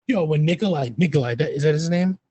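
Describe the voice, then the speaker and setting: A man co-hosting a casual chat, animated, retelling scenes in voices and swearing freely. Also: a little high, quick pace, breathy edge, no room sound, low-quality recording. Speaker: podcast co-host.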